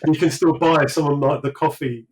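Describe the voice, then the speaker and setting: A man's voice: fairly high pitch, steady tone, moderate pace, darkish tone, a little hiss or hum, rough recording. A British man, likely in his thirties, talking through his career in a casual interview, rambling with many fillers and restarts. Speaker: sculptor guest.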